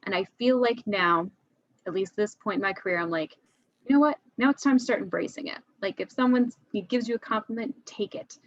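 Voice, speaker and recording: A woman's voice: mid-range voice, brisk, dry recording, muffled recording. A woman teacher as a podcast guest, speaking candidly and chattily, with frequent restarts. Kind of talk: conversational podcast interview.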